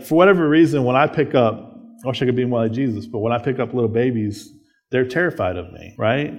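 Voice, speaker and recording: A man preaching a sermon as a pastor, conversational, often checking in with tag questions. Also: mid-range voice.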